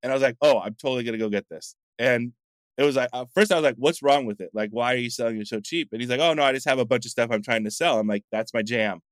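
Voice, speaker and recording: A man's voice: medium pitch, fast talker, dry recording. A middle-aged man from the United States, a coffee shop founder telling rambling stories in a casual interview. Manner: chatty, rambling anecdotes with frequent fillers.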